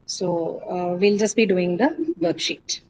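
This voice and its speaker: A woman teacher giving a classroom lecture, explaining step by step and often checking understanding with quick "right?" and "okay?" questions. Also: lowish voice, steady tone, a little mellow, a little hiss or hum, poor audio. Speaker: English teacher. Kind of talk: classroom lecture on word stress.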